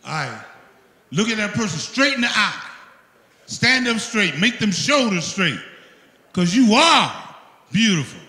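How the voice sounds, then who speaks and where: An older man addressing young men in a hall, leading them in a shouted call-and-response pledge, chanting each line like a preacher. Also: high-pitched, very animated, a little slow, long pauses. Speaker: honored speaker. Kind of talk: call-and-response motivational speech. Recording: echoey hall with crowd noise.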